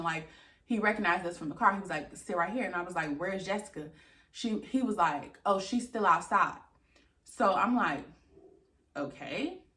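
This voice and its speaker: A young woman tells a storytime vlog in a casual, animated way and acts out the dialogue with exasperation. Her pitch sits in a middle range, and her voice echoes noticeably around the room. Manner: animated, exasperated retelling with lots of quoted dialogue and cursing. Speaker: vlogger.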